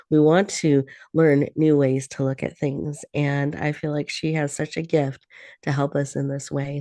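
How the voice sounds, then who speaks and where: A woman host introducing her guest and leading listeners through a slow, soothing breathing meditation. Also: deep voice, warm tone, dry recording, studio quality. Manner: soothing, slow, encouraging guidance. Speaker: radio show host.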